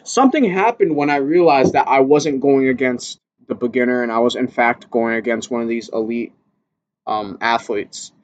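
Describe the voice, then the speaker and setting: An amateur boxer telling a candid, casual story to camera, swearing freely and getting higher and louder when he relives his panic. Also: moderate pace, dull audio.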